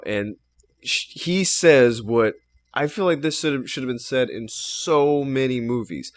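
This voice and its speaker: A man co-hosting a podcast, chatting casually about a film, retelling scenes with animated, swearing delivery. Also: medium pitch, unhurried. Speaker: podcast co-host. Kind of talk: casual film review chat.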